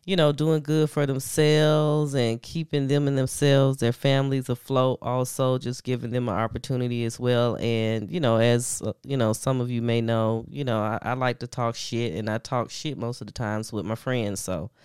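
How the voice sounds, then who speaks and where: A woman's voice: extremely low pitch, steady tone, normal speed, hardly any pauses, a little mellow, smooth, dry recording, studio quality. A woman hosting a podcast in a casual, laid-back chat, slangy and full of fillers. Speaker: podcast host.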